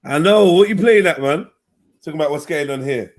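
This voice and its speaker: A man chatting on a live stream panel, animated and slangy, telling stories with energy. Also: fairly high pitch, brisk, crowd noise. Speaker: panel guest. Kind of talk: casual chat on a live stream.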